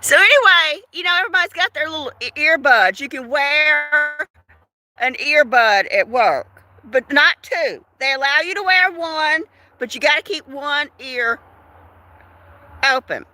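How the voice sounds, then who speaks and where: A woman's voice: sits high, expressive, unhurried, bright, forceful tone. An older woman hosting a casual livestream, chatting in a gossipy way, laughing often and asking her viewers questions. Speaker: livestream host. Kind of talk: casual live chat.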